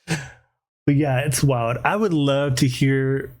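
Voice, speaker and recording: A man's voice: a little high, takes it slowly. A middle-aged man, a podcast host, casually telling a personal story and acting out the screams and voices in it. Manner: animated, acts out screams and voices in his story.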